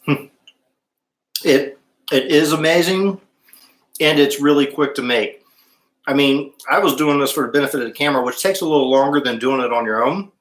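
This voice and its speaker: A man's voice: on the high side, normal speed, pauses often, echoey room. A man hosting a casual live-stream cooking show, chatting with viewers and humming while he tastes. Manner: chatty, stops to hum while tasting.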